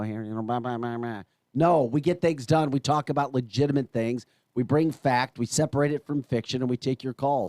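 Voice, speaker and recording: A man's voice: mid-range voice, no room sound. A man with an American accent hosting a morning talk radio show, ranting in an emphatic, exasperated way. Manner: exasperated, emphatic, animated rants.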